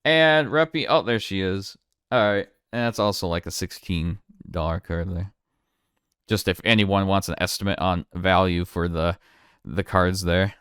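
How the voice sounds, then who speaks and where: Lower-voiced man, smooth and clear, dry close sound, easygoing card-opening chatter. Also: moderate pace, no room sound. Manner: relaxed, chatty, thinking aloud with fillers and restarts. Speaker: card collector streamer. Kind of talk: casual unboxing commentary.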